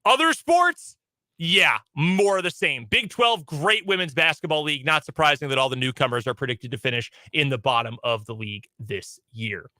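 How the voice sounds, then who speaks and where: A man hosting sports radio, reading the headlines in a brisk, opinionated delivery. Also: fairly high pitch, animated, pushed and bright, no echo, low-quality recording. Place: radio studio.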